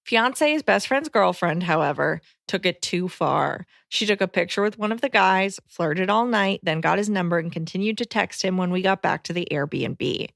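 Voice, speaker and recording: A woman's voice: on the low side, animated, moderate pace, gravelly, hardly any pauses, a bit bright, no echo, studio quality. A woman co-hosting a podcast, reading a listener letter and chatting casually. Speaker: podcast co-host.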